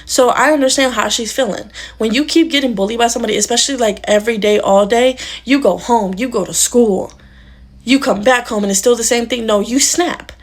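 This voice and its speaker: A woman's voice: a little high, brisk, natural voice. A woman acting out a stern, fed-up adult in a comedy skit, scolding and lecturing bluntly. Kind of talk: comedy skit role-play.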